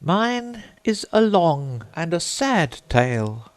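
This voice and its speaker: A man's voice: mid-range voice, big pitch swings, measured pace, no room sound, pitched above the performer's own voice. A man voicing a touchy, gloomy male mouse that speaks severely and takes offence easily, in a storybook. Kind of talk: storybook character voice.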